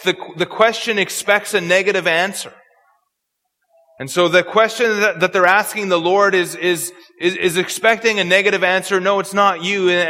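A man's voice: high voice, sharp tone. A man preaching an expository sermon, earnest and prone to repeating words as he searches for phrasing. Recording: long hall reverb.

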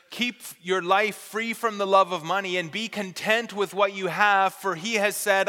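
A man preaches with a high, bright voice and teaches earnestly, stressing key words. His tone is smooth and clear. A long reverb trails each phrase, as in a large hall. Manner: earnest, explanatory teaching with careful emphasis. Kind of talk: expository sermon.

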